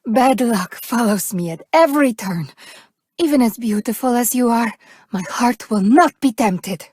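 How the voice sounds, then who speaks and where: A doomed romantic game heroine. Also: female voice, fairly high pitch, animated, unhurried, darkish tone, slightly rough, no echo, clean studio sound. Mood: wistful. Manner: dramatic, formal, breathless romantic. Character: unlucky, romantic young woman dating-game love interest. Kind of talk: dating game voice lines.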